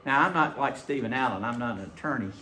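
Male pastor, animated folksy storyteller, mid-pitched, reverberant church sound. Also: fast talker, slight background noise. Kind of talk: sermon. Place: church sanctuary.

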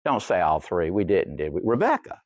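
A man's voice: low-pitched, wildly swooping pitch, a little fast, darkish tone, no room sound, muffled recording. An older man preaching a sermon, telling a humorous story in a folksy way. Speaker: pastor.

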